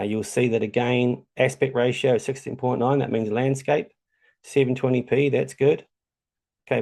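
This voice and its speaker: A man with a New Zealand accent talks through a tutorial in a loose, chatty way. His voice is mellow and gravelly, with a mid-range pitch. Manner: chatty, loose, many ums. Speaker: tutorial host. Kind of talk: casual screen-share tutorial.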